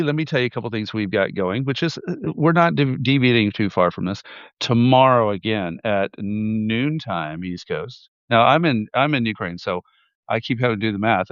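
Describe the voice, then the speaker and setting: Male host, relaxed, occasionally swearing, smooth clear voice, dry and slightly dull audio. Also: on the low side, no echo. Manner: loose, rambling, casual swearing. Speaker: show host. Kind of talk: casual interview chat. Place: in Ukraine.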